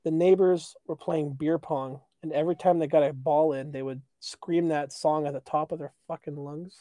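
A young man from Canada, co-hosting a podcast, telling stories in animated casual chat and belting out chants. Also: on the high side, normal speed, dry recording. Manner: animated storyteller, breaks into laughter, belts out chants. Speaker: podcast co-host.

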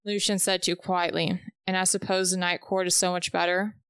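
A woman reading aloud a chapter-by-chapter recap of a novel, with the dialogue read in a steady, even pace. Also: fairly low pitch, normal speed, smooth, dry recording, clean studio sound.

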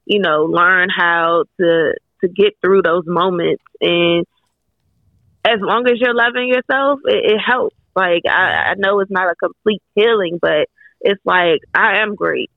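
A woman with a gravelly, creaky voice talks frankly and candidly as a podcast guest, dropping the odd curse. Her voice comes through a thin, phone-like line with a dry, close sound. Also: lowish voice, unhurried, no echo. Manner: candid, frank, swears casually. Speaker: guest author. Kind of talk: casual podcast chat.

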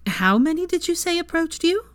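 A woman voicing a bossy, teasing young witch, raised in pitch, in a fan fiction reading. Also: big pitch swings, no echo. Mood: brisk. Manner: brisk, commanding, mock-sweet when acting posh.

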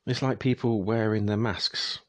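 A man's voice: lowish voice, fairly even intonation, normal speed, dry recording. A young man ranting in a casual, exasperated monologue to his viewers, speeding up when annoyed. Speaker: vlogger.

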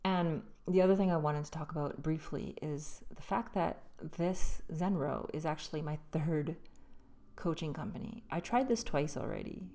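A woman's voice: deep voice, normal speed, warm tone. A woman hosting her own podcast, telling a personal story in a loose, rambling way with frequent restarts, her voice slightly going. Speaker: podcast host. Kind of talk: solo casual storytelling.

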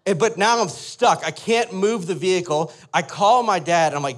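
A young adult man, a pastor, telling a lively personal story in a sermon and asking the listeners to imagine along with him. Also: sits high, normal speed, few pauses. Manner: animated storyteller, asks the audience to imagine.

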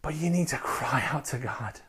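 A man, a pastor preaching a passionate sermon that swings from quiet reflection to loud appeals. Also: mid-range voice, lively intonation, normal speed, a little hiss or hum. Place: church recording during lockdown.

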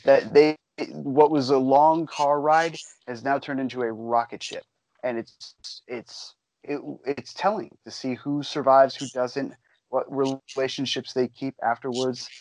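Chatty podcast guy, mid-pitched, rambling with lots of uhs, dry close mic. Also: little pitch movement, a little slow, a little mellow, no room sound, poor audio. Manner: rambling, enthusiastic, many fillers. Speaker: podcast co-host. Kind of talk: casual chat.

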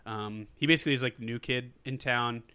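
A man's voice: medium pitch, steady tone, brisk, sharp tone, smooth. A man co-hosting a podcast, recapping a movie in a rambling, casual way with lots of fillers. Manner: rambling, full of fillers and quoted lines. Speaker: podcast co-host.

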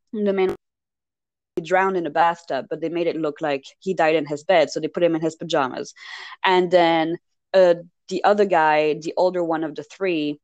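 A woman's voice: low voice, darkish tone, no echo. A woman co-hosting a podcast, chatting casually and rambling about a film with lots of fillers and asides. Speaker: podcast co-host. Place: lived in Paris.

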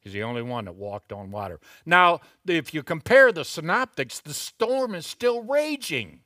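A middle-aged man preaching a sermon, talking conversationally with asides and then rising into loud, emphatic bursts. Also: sing-song, dry recording, studio quality. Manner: slow, deliberate delivery with sudden loud, high emphatic bursts. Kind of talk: expository sermon.

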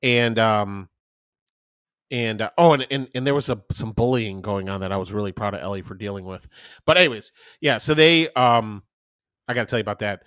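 A man's voice: lowish voice, brisk, clear, resonant tone, no room sound, clean studio sound. A man in his thirties, a podcast co-host, telling stories in casual chat and swearing freely. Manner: animated storytelling, swearing, acting out voices in quotes.

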